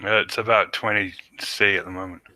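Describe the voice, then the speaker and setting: A man's voice: fairly low pitch, steady tone, a little fast, sharp tone, poor audio. A British man co-hosting a podcast with dry, cheeky comebacks. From Britain. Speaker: podcast co-host. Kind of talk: casual chat.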